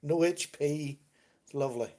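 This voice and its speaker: Sitting at his computer at home, this livestream host keeps things relaxed with easy, chatty talk and frequent laughter. His voice sits on the high side, moving at a moderate pace as he reads viewer comments as they arrive.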